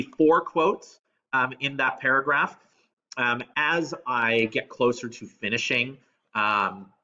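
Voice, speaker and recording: A man's voice: medium pitch, pushed and bright, muffled recording. A man teaching in a casual screen-recorded lesson, talking loosely with many ums and restarts.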